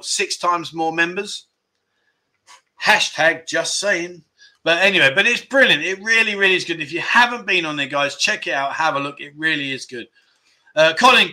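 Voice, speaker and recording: Bright chatty man hosting livestream. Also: high-pitched. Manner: chatty, jokey, thanks viewers by name. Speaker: livestream host. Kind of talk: casual livestream chat reading comments.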